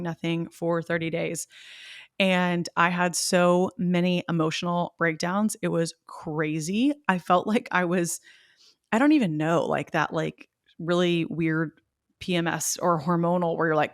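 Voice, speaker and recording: A woman's voice: fairly low pitch, no echo, clean studio sound. A young woman from Tennessee hosting a solo podcast, telling a personal story in a chatty, confessional way full of "like"s. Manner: chatty and confessional, many "like"s, quoting herself and others. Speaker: podcast host.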